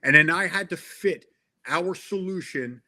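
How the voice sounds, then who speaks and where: Earnest middle-aged man, bright voice. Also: fairly high pitch, measured pace. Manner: earnest and emphatic, with frequent restarts. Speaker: interview guest, tech sales veteran. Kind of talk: casual interview conversation.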